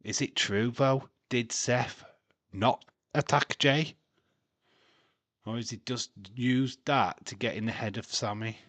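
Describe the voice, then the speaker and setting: A man talks through a wrestling match for his live stream audience in easy, slow-paced commentary. He laughs often and ribs his viewers. His voice sits at a middle pitch, and the sound is dry and close. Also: steady tone, a bit bright, no room sound. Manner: chatty, laughs often, reads and teases chat. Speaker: livestream watch-along host.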